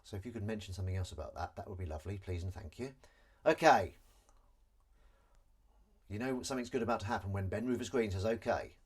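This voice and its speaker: A young man from northern England talks rapid-fire, barely pausing, as he washes up in his home kitchen during a casual live stream, reading viewer comments and joking about them. His voice sits on the low side, with a darkish tone and a breathy edge.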